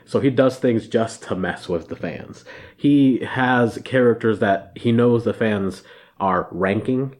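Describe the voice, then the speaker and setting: A man co-hosting a casual podcast chat, animated, swearing freely and laughing through his lines. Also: on the low side, takes it slowly. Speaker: podcast co-host.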